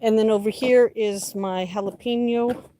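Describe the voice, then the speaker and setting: A woman's voice: fairly high pitch, steady tone, normal speed, warm tone, a little hiss or hum. A woman livestreaming casual chat from her home garden, talking to her plants by name and filming on a handheld phone. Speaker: livestream host.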